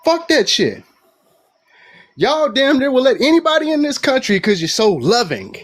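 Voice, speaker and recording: A man with an animated, heated way of talking, ranting and swearing as he argues politics in a debate. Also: very high-pitched, normal speed. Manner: animated, ranting, swears freely, acts out quoted voices.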